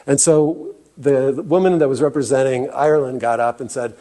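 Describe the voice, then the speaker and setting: A man's voice: medium pitch, normal speed, few pauses, mellow. A man giving a presentation talk as guest speaker, earnest and often restarting with fillers. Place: meeting room.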